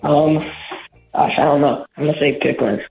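Brief: teenage male caller, phone-line sound, a bit gravelly. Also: on the high side, steady tone, normal speed, faint music behind. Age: teen.

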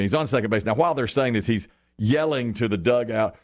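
Animated male sports talk host. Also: mid-range voice, a little fast, dry recording, clean studio sound. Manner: animated storyteller, acts out quotes, laughs often. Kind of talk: casual sports chat.

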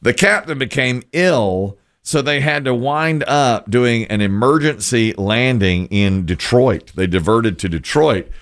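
A man's voice: mid-range voice, lively intonation, a little slow, hardly any pauses. A middle-aged male radio host in casual chat, telling stories animatedly and acting out the voices in them.

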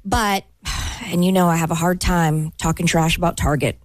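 A woman's voice: fairly low pitch, fairly even intonation, moderate pace, no echo. A married woman with kids co-hosting a morning radio show, chatty and self-deprecating in casual banter. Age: adult, married with kids.

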